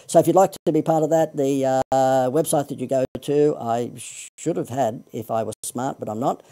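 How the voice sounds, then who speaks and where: Australian male marketing coach, salesy livestream patter, mellow low voice. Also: creaky. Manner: chatty, self-deprecating, salesy.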